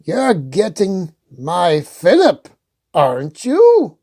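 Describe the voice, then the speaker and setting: A woman voicing an excitable, pompous old king who squeaks and sputters when he shouts. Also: drawn-out words, husky, heavily acted. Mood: bossy.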